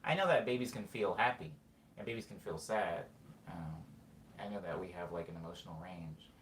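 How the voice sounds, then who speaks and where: A man's voice: sits low, a little fast, slight background noise. Rambling man in an echoey room. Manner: rambling, filler-heavy, self-correcting. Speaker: podcast host. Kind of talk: casual monologue. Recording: echoey room with faint ambience.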